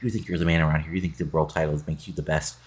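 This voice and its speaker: A man's voice: very deep voice, fairly even intonation, rapid-fire, breathy edge. A man reading out the lines of a boastful male wrestler who taunts the champion. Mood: taunting. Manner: trash-talking, read aloud plainly.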